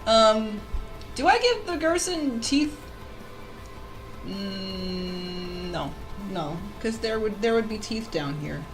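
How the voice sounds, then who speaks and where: A woman drawing fan art on a casual livestream, chatting with viewers in an excitable, giggly way. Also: medium pitch, slow pace, long pauses, over music, poor audio.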